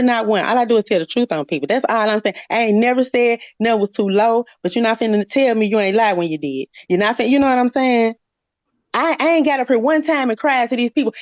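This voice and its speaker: Woman, higher voice, blunt, profane, insistent, heated argument, dull dry stream audio. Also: fast, dry recording. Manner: blunt, profane, insistent, repeats "you know what I'm saying". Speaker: live stream panelist.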